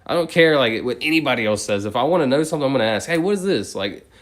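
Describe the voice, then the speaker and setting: A man on a live stream counting numbers aloud, breaking into chatty tangents packed with "like". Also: mid-range voice. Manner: fast, steady number recitation broken by chatty tangents full of "like".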